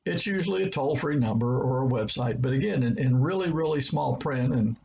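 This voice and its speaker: A man's voice: mid-range voice, expressive, brisk, gravelly, darkish tone, lo-fi sound, a little hiss or hum. A man preacher with a Southern American accent giving a short devotional talk, earnest and stressing words by repeating them.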